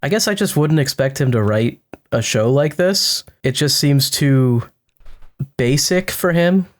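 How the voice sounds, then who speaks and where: A man's voice: medium pitch, animated, a little slow. A man co-hosting a casual podcast, talking hesitantly and searching for words. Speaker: podcast co-host. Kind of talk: casual chat.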